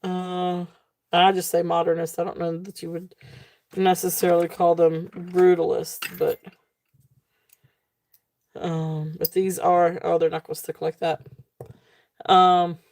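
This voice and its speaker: A woman hosting a live jewelry sale stream, talking casually with many fillers and a relaxed, tired manner. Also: fairly low pitch, takes it slowly, long pauses, dry recording, studio quality.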